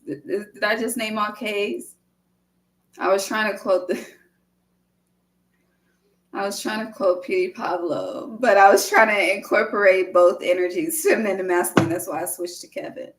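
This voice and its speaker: A woman's voice: medium pitch, fairly bright tone, slight background noise. A woman giving a casual tarot reading, rambling and chatty, swearing freely as she talks. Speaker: tarot reader.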